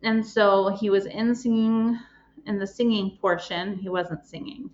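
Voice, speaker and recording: Slow-spoken emotional woman podcaster. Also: mid-range voice, steady tone, a little mellow, dull audio. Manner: emotional, pausing, many ums. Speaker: podcast host and life coach. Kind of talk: personal podcast storytelling.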